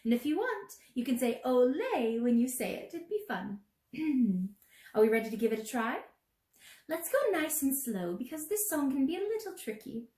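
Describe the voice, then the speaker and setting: A woman leading a children's sing-along, gently encouraging, singing show tunes and teaching yodels. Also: sits high, very animated, moderate pace, echoey room.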